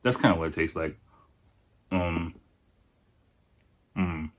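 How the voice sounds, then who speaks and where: Low-voiced, profane podcast host. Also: male voice, slow. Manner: profane, rambling, chatty. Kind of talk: casual food-tasting podcast chat.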